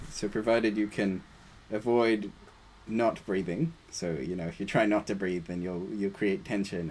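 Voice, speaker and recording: A man leading a group meditation discussion, talking in a relaxed, casual way with playful asides. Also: on the low side, slight background noise.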